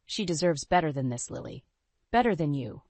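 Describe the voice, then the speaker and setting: A scornful middle-aged husband who sneers and raises his voice in contempt, as a woman reads him out. His anger comes out in a fairly low voice. The sound is dry and close, with no room around it. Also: lively intonation, a little fast, gravelly, dry recording, heavily acted. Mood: angry. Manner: sneering, shouting.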